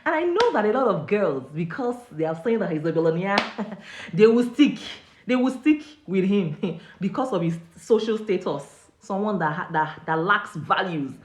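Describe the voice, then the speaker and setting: Animated Nigerian woman telling a story. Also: normal speed, reverberant, slight background noise. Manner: animated storytelling, with swings up in pitch. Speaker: host. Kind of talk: casual live-stream chat.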